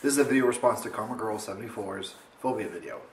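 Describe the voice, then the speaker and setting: A young man casually telling a funny story to his camera at home, rambling and animated. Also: quick pace, reverberant. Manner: rambling, animated, mimics others in high voice. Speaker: vlogger. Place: home, indoors.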